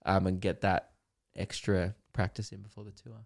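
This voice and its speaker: Australian man, comedian podcast host, casual chat, animated storyteller, acts out voices. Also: sits low, normal speed, creaky.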